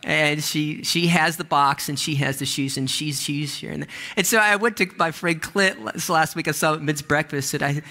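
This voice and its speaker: A man's voice: on the high side, fairly even intonation, moderate pace, hardly any pauses, pushed and bright. A man, a pastor, giving a conversational sermon full of restarts and asides.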